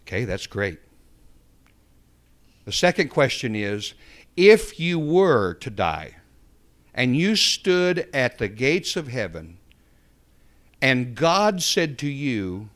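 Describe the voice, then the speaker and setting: A male pastor delivering a sermon at an unhurried, measured pace. He tells a story in a conversational way, then rises into fervent, emphatic preaching. His voice sits at an ordinary middle pitch. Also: very animated, fairly bright tone.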